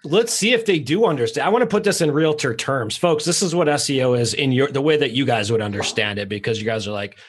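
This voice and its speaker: A man hosting a podcast, talking fast and raw in a casual, energetic way with mild swearing. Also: medium pitch. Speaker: podcast host.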